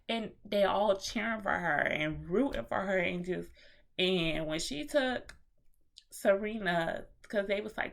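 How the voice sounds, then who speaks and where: A woman giving a chatty, animated movie review in a casual vlog, with slang and swearing. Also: medium pitch, unhurried, vocal fry.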